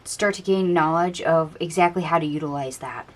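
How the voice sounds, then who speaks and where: A woman with a fairly low voice gives a casual tarot reading. She muses aloud over the cards in a chatty, dreamy way and keeps an encouraging tone toward the listener. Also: moderate pace, a little hiss or hum. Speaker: tarot reader.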